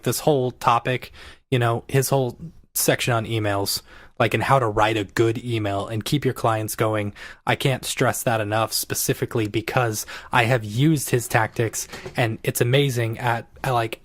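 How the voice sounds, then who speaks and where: A man's voice: mid-range voice, no echo, clean studio sound. A man co-hosting a podcast in casual chat, easygoing and joking, often giving short agreeing replies. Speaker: podcast co-host.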